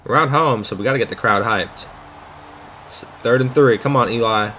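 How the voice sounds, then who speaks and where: A young man casually commentating his own football video game, swearing and shouting out loud at big plays. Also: medium pitch, normal speed, slight background noise. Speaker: gaming YouTuber. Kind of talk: live gameplay commentary.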